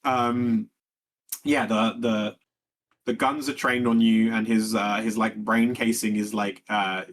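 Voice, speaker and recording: A man's voice: fairly low pitch, flat delivery, slow pace. Rambling male game master. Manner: rambling, with many fillers and restarts. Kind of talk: narrating a tabletop game.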